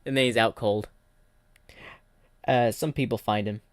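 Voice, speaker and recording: A man's voice: fairly low pitch, steady tone, measured pace, clean tone, no echo. A man streaming and narrating an improvised fan story, rambling and restarting sentences.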